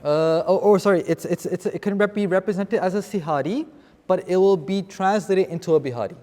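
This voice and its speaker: A man's voice: high voice, a little fast, dark tone. A man teaching a seminar on scripture vocabulary to a live class, explaining terms and often checking with "okay?". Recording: long reverb in a hall.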